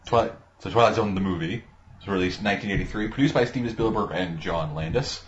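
A man's voice: sits low, fast, muffled recording, slight background noise. A man hosting a casual movie commentary podcast over an online call, rambling and swearing freely. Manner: profane, rambling. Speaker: podcast host. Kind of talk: casual commentary-track chat.

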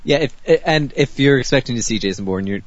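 A man of middling pitch co-hosting a podcast, chatting casually with a dry, slightly hesitant delivery. The recording sounds dull and lo-fi. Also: animated, quick pace. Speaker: podcast co-host. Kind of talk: casual chat.

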